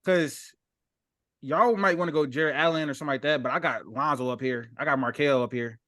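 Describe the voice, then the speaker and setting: A man's voice: on the high side, fairly quick, a bit bright. A young man hosting a casual sports debate, laid-back and hedging, laughing often. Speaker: podcast host.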